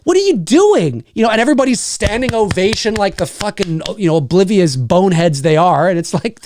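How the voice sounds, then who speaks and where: Animated, swearing podcast co-host man. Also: high voice, fairly quick, slight background noise. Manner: animated, swearing, exasperated rants. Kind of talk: casual chat.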